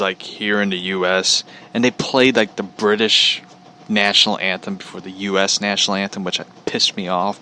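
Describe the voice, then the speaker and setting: A man's voice: on the low side, pushed and bright, a little hiss or hum. A man from Missouri hosting a podcast, ranting casually in a blunt, profane, rambling way. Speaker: podcast host. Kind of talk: casual rant.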